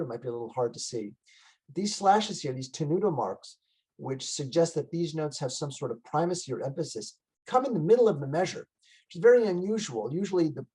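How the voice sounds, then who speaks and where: Chatty male music lecturer, higher voice. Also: a little mellow, slightly rough, rough recording. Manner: conversational, many fillers and restarts. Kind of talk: casual lecture. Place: online library talk.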